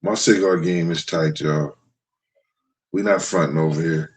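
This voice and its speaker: A middle-aged man with an extremely low voice and fairly even intonation speaks unhurriedly, the recording low in quality. As a livestream host, he tells his chat stories in a frank, profane manner.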